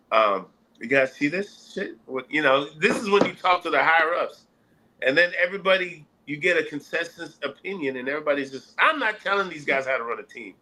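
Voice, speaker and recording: American man, sports podcast host, lively chat, acts out quotes, bright tone. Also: on the high side, brisk, rough recording. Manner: animated, acts out quotes in put-on voices.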